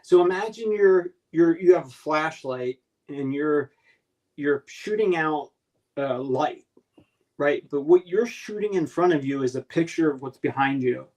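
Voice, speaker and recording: A man with a somewhat high voice tells a strange personal story in loose, casual talk. He halts and restarts often, searching for words. His telling is earnest. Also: unhurried, a little mellow, rough recording. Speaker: guest recounting an encounter.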